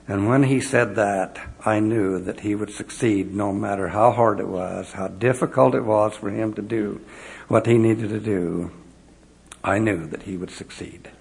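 Gravelly man telling earnest mission stories. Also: on the low side, moderate pace, a little mellow. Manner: earnest storyteller acting out remembered dialogue. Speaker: former mission president addressing an audience. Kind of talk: devotional talk with personal stories.

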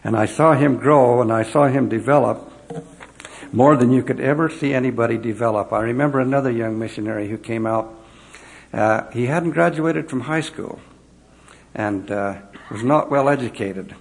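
Gravelly man telling earnest mission stories. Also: mid-range voice, moderate pace. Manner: earnest storyteller acting out remembered dialogue. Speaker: former mission president addressing an audience. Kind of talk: devotional talk with personal stories.

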